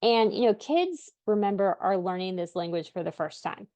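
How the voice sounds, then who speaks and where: A woman's voice: medium pitch, expressive, moderate pace, warm tone, no echo. A woman in her thirties, a parent of deaf children, giving parenting tips in a casual, chatty way, full of filler words and frequent laughs. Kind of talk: casual instructional talk to camera.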